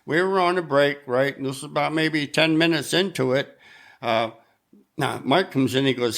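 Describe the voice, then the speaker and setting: A man's voice: on the high side, normal speed, creaky, fairly bright tone. An older man, a guest musician, telling anecdotes in a casual chat and acting out the voices of the people he quotes. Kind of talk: casual storytelling.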